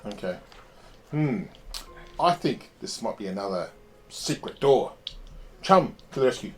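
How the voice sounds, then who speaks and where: A man's voice: lowish voice, expressive, measured pace, a little hiss or hum. A man playing a tabletop game, chatting in a goofy, rambling way. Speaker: player. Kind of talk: casual tabletop game chat.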